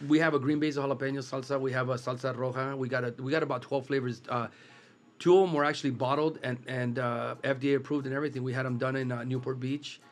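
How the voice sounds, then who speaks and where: A man who runs a taco business, telling stories in a relaxed conversation and often restarting his sentences. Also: mid-range voice, fast. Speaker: taco business owner guest. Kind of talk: casual chat.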